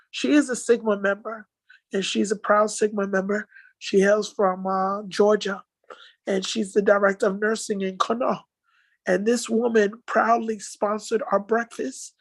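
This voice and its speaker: A woman presenting event slides in a casual, halting way, full of fillers and restarts, and moved to tears at times. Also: mid-range voice, dry recording, low-quality recording. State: tearful at times. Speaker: nursing association organizer presenting slides. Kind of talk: casual spoken slideshow recap.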